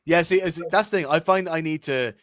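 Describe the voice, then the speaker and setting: A man with an Irish accent co-hosting a casual sports podcast, chatty and full of quick restarts. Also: fairly high pitch, dry recording, clean studio sound. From Ireland. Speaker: podcast co-host.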